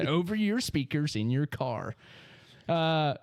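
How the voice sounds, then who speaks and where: A man co-hosting a casual podcast, reading quick trivia facts with laughs. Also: fairly high pitch, sing-song, no room sound. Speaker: podcast co-host.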